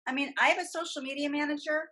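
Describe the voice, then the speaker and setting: A middle-aged woman with a high voice talks fast as a guest on a casual podcast, where she appears as a voice actress and coach. She's animated and emphatic and speaks at length, though the recording is rough.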